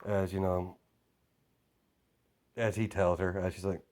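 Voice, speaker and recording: A man's voice: sits low, flat delivery, unhurried, a little mellow. A young man improvising a fan-fiction story aloud, rambling with constant fillers.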